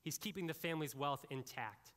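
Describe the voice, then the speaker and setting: A man preaching in a bright, forceful voice, a little higher than most men's. His delivery is animated and conversational, full of asides to the congregation. The sound carries a long hall reverb. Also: fairly quick. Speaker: pastor. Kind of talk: sermon.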